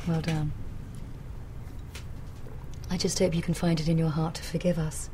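A woman delivering a scripted, deadpan apology as a company executive in a video ad. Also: low-pitched, moderate pace, a little hiss or hum, close to an everyday voice. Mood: mock-solemn.

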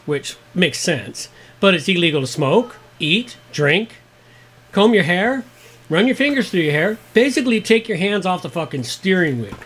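A man's voice: high voice, slight background noise. A Canadian man co-hosting a podcast, giving sarcastic, profane commentary with emphatic stresses. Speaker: podcast co-host. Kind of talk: ranting political commentary.

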